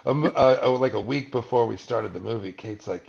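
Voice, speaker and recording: Heard through a muffled recording, this Malibu, California man speaks at a moderate pace in a creaky mid-range voice. As an interview guest, he tells stories in a relaxed, animated way, imitating the people he quotes.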